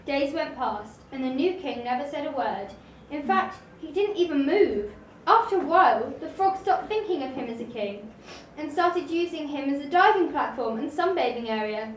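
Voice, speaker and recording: A woman reads a children's story aloud in an expressive, gentle manner. Her voice sits high. The recording is roomy and set away from the mic, with a faint hiss underneath. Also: normal speed, few pauses, recorded from a distance.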